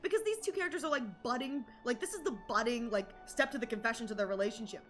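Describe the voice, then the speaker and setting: A young adult woman streaming and chatting casually, animated and rambling with lots of fillers and restarts. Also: on the high side, fast talker, soft background music. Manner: excited shouted greetings to chat. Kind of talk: casual live-stream chat.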